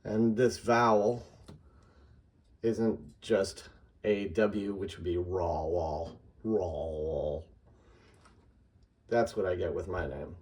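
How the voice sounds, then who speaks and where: A man patiently explaining a method in an instructional lesson, slowing down to sound out example words. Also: fairly low pitch, fairly even intonation, a little mellow, slightly rough. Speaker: teacher.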